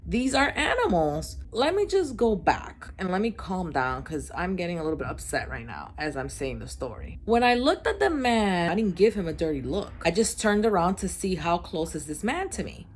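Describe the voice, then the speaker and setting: A woman vlogger telling a storytime, ranting in an animated, exasperated way. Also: fairly low pitch, normal speed, few pauses, a little hiss or hum. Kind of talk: storytime vlog.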